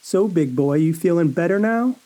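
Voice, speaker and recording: A man's voice: a little high, lively intonation, normal speed, dark tone, close to an everyday voice. Teasing flirty woman, read by a man. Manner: teasing, amused.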